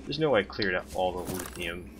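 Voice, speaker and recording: A young man with a lowish voice gives casual gameplay commentary. He talks straight to his chat in a dry, sarcastic tone. A steady noise hangs under the recording. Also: brisk. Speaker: game streamer.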